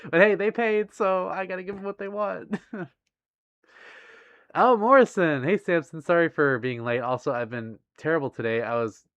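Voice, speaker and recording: A man's voice: a little high, normal speed, fairly bright tone, smooth. A man hosting a casual livestream, reading out viewer messages with frequent bashful laughter. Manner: giggly, bashful, laughs often between remarks. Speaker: livestream host.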